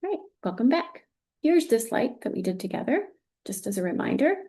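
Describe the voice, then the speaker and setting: A woman's voice: on the high side, very animated, fairly quick, dark tone. A woman leading a recorded teacher training, walking through examples patiently and encouraging with frequent praise.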